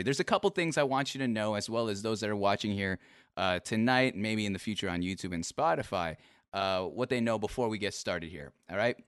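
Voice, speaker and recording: A man's voice: medium pitch, a bit bright, clean tone, no room sound, clean studio sound. A young man hosting a live-streamed interview show, teasing his guest with laughs before turning earnest. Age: young adult. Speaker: podcast host. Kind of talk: casual livestream interview.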